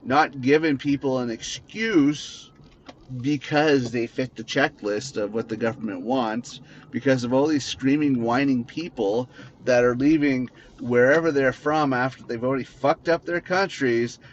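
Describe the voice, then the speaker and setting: A man's voice: medium pitch, fairly even intonation, a little slow. A Canadian man hosting a podcast, ranting angrily and swearing a lot in an unscripted monologue while driving. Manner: angry, profane, repetitive ranting. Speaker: podcast host. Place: inside a car, driving. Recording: dull lo-fi with faint car noise.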